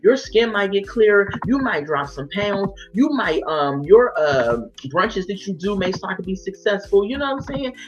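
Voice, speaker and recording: A woman's voice: mid-range voice, sing-song, moderate pace, hardly any pauses. A woman giving a blunt, exasperated recap of a reality show, acting out the people she quotes. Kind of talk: opinionated casual recap. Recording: dull lo-fi sound with faint music.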